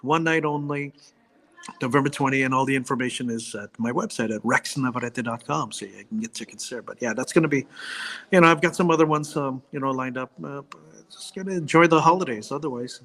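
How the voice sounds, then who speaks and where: A man, a comedian guest, chatting casually, joking and riffing quickly while plugging his shows. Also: medium pitch, a bit bright. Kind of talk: casual chat.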